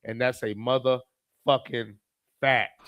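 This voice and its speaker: A man's voice: mid-range voice, fairly even intonation, slow pace, no room sound, muffled recording. A man who reads viewer comments aloud as a streamer and gives blunt, profane, heated commentary. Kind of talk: profane live commentary reading chat.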